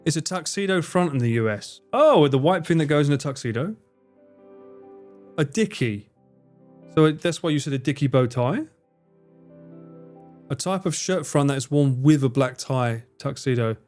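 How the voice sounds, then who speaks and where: A man livestreaming a game, excitable, swearing and laughing often as he chats. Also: on the high side, moderate pace, long pauses, faint music behind. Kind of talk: casual gaming livestream chat.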